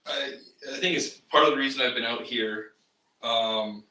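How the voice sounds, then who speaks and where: A man's voice: medium pitch, moderate pace, pushed and bright, roomy sound, far from the mic, rough recording. A man from Canada, a baseball player and teacher, answering interview questions earnestly and reflectively, with frequent ums.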